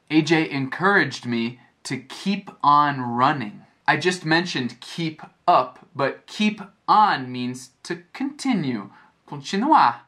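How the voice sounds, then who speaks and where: An American man teaching a lesson as a story, speaking clearly and repeating phrases to explain them. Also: medium pitch, animated, takes it slowly, pushed and bright. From United States. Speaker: English teacher. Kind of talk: slow storytelling lesson for learners.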